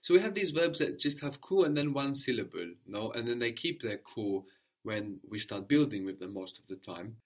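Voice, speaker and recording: A man teaching a language lesson, repeating each answer back slowly and checking understanding with a questioning "no?". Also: medium pitch, lively intonation.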